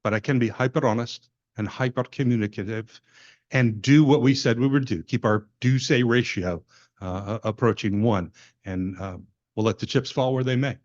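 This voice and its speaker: A man answering a shareholder question at a conference in a measured way, often repeating words, in dull lo-fi audio. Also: mid-range voice. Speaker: company executive answering a shareholder.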